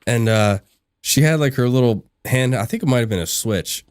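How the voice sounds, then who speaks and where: A man's voice: medium pitch, normal speed, clear, resonant tone, no room sound, clean studio sound. A man hosting a live gaming stream, chatting casually with his viewers, laughing often and answering the chat as he plays. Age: adult. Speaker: livestream gaming host.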